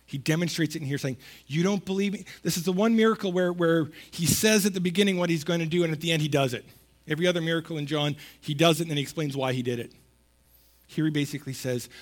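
A man delivering a sermon in a relaxed, conversational manner. His voice sits a little high for a man. He leans hard on repeated words and raises his voice to stress a point. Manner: conversational preaching with emphatic repetition, rising to loud stresses. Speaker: pastor.

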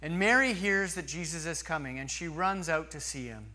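A man preaching a sermon slowly and earnestly, with long pauses. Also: fairly high pitch, expressive, pushed and bright. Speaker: pastor.

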